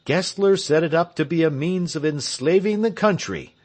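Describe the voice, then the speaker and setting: A man's voice: on the high side, normal speed, darkish tone, voice pushed up, natural voice. A man reading the part of William Tell, a resolute heroic marksman, in a stirring, declamatory way for an audiobook. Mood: solemn.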